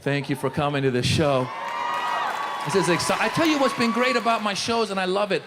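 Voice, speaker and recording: A man from Iran performing a stand-up comedy set, animated and joking with the audience on a club stage. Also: sits high, a little fast, in a large hall, a loud crowd. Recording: live club audience laughter and noise.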